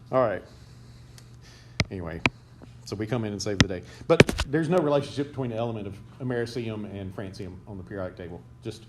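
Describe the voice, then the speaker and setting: A man giving a chemistry lecture to a class, quizzing students and joking as he goes. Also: medium pitch. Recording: noisy classroom recording.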